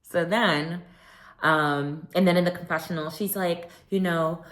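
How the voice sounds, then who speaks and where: A woman's voice: lowish voice, unhurried. A young woman casually recapping a reality show, chatty and opinionated. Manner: chatty, opinionated, animated quoting. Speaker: recap vlogger.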